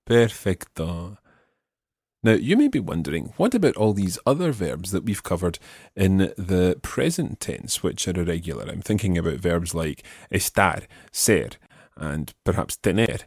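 A man's voice: sits low, very animated, a little slow, darkish tone, slightly rough, no room sound, clean studio sound. A man teaching a Spanish lesson, patiently explaining step by step and prompting his student. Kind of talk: spoken language lesson.

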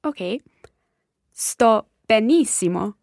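Slow, careful woman repeating phrases. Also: on the high side, animated, vocal fry, darkish tone, no echo, clean studio sound. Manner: careful, deliberate repetition. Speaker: learner co-host. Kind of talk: repeating phrases in a language lesson.

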